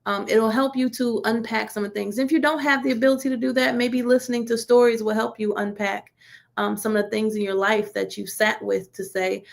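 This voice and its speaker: A woman's voice: fairly high pitch, fairly quick, gravelly. A woman leading a church teaching session in a conversational sermon style, informal and colloquial, asking listeners one rhetorical question after another. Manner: colloquial, relaxed grammar.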